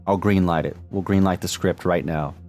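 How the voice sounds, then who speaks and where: A man's voice: deep voice, steady tone, moderate pace, a little mellow, faint music behind. A man co-hosting a movie podcast, chatting casually with many fillers and restarts and laughing often. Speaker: podcast co-host.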